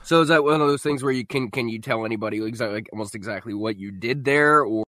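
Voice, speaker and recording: A man's voice: medium pitch, fast, bright, forceful tone, no room sound, clean studio sound. A man co-hosting a gaming podcast, chatting casually in a joking, blunt and easygoing way. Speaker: podcast co-host. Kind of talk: casual chat.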